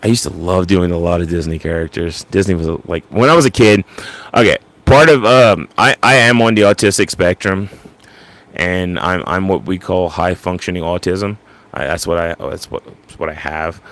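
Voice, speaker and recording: A man with a Cajun accent talking casually about doing impressions, rambling with lots of halting restarts. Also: low-pitched, a bit bright, dry recording. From Louisiana. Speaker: vlogger.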